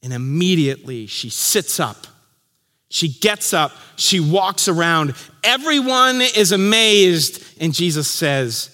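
A man with a high, bright voice preaches a sermon from the pulpit. He tells the story vividly, acting out the people in it and dropping to a hush for the key lines. His voice rings with the long reverb of a church hall. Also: animated, takes it slowly. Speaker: pastor.

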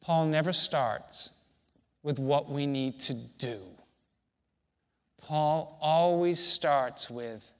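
A man preaching a sermon as pastor, slow and deliberate, with emphatic pauses between phrases. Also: a little high, a bit bright.

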